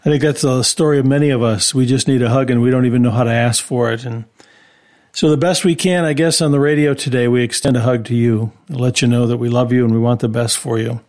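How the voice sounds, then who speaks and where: A man's voice: medium pitch, steady tone, fast talker, darkish tone. A man hosting a Christian radio show, speaking in an encouraging, preacherly way to listeners. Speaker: radio host and Bible teacher.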